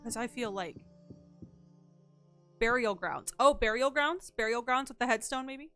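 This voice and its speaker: A woman's voice: fairly high pitch, unhurried, a bit bright, faint music behind. A young woman streaming a mystery game, chatting casually, thinking aloud and thanking her chat.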